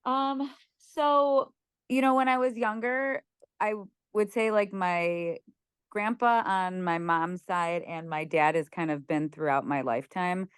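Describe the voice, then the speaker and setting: A woman's voice: medium pitch, fairly even intonation, a little slow, smooth, no echo, clean studio sound. A young woman chatting casually on a video call from her bed, filling her talk with "like". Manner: chatty, many "like" fillers, laughs easily. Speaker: group member sharing. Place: lying on a bed at home.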